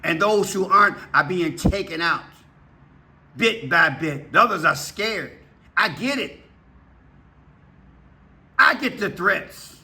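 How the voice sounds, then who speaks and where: A man's voice: high-pitched, lively intonation, slow pace, pauses often, sharp tone. A man preaching fervently to his viewers, urgent and impassioned, hammering points with repeated rhetorical questions. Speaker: preacher vlogger.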